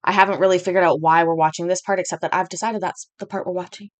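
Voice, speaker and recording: A woman's voice: on the low side, steady tone, fast. A woman hosting a casual livestream from home, chatty and rambling, with self-deprecating asides. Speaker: host.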